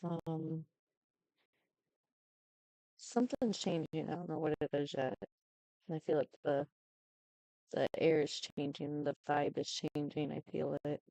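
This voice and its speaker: A woman talking to camera in a casual update, halting and subdued with many ums, close to tears. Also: low voice, steady tone, mellow, no echo, low-quality recording. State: tearful, close to crying. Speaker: YouTuber giving an update.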